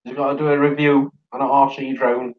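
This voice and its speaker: This Sheffield, England, livestream host has a Yorkshire accent and sounds tired, though he stays chatty, laughs frequently and reads out comments from viewers. His medium-pitched voice is level in tone and slightly fast, captured with lo-fi sound.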